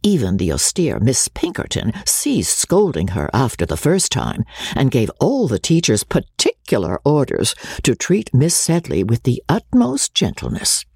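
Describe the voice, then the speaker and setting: Low, husky-voiced woman reading a novel aloud. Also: unhurried, no room sound, clean studio sound. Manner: expressive, wry, theatrical. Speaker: audiobook reader. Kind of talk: scripted audiobook narration.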